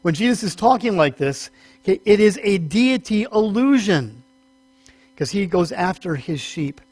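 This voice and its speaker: A man with a somewhat high voice teaches scripture from the pulpit in a talky, self-correcting way. His voice climbs when he presses a point. The recording is dry and close, with a faint mains hum underneath. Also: animated, measured pace, a little mellow, dry recording. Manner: conversational, self-correcting, rises in pitch for emphasis. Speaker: pastor. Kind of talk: sermon teaching.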